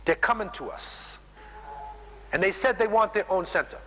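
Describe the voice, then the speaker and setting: A man's voice: sits high, normal speed, bright, forceful tone, long reverb tail, slight background noise, rough recording. A man preaching a sermon, emphatic, keeps ending lines with "man.". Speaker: Muslim preacher.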